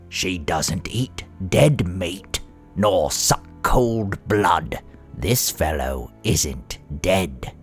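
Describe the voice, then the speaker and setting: A man's voice: low-pitched, slightly rough, voice pushed down, full character voice. A man voicing a menacing male orc commander with a snarling, threatening delivery.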